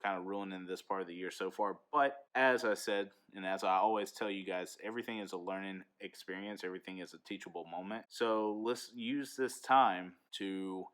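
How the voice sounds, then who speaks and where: A man's voice: low-pitched, normal speed, few pauses, fairly bright tone, clear, resonant tone. A man who teaches eighth grade, chatting frankly and telling stories in a casual vlog into a handheld phone.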